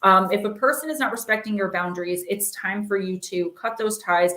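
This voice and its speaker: A woman's voice: medium pitch, a little fast, a bit bright. A woman hosts a live oracle card reading, talking in a loose, reassuring way full of "like" and "um." Her voice has a noticeable roomy echo around it. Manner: chatty, filler-heavy, reassuring. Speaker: oracle card reader and live-stream host. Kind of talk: casual live-stream chat and card reading.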